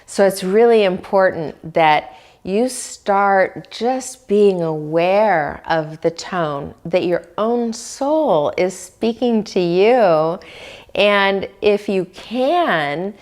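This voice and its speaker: Slow, gentle woman giving wellness tips. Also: mid-range voice, expressive. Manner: slow, gentle, asks the listener questions. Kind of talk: reflective self-help talk.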